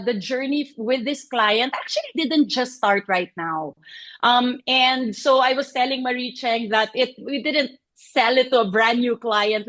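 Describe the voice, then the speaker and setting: A woman presents a client case study over a video call. She talks in a chatty, animated way, full of fillers and little laughs. Her voice sits slightly high. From Philippines. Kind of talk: online presentation.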